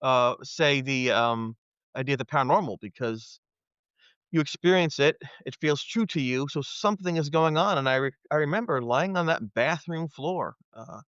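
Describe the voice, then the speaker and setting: A man's voice: fairly high pitch, normal speed, a bit bright, clean tone, no room sound. A man in his fifties, a podcast guest, telling a personal story earnestly and acting out his own past thoughts. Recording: dry, dull lo-fi audio.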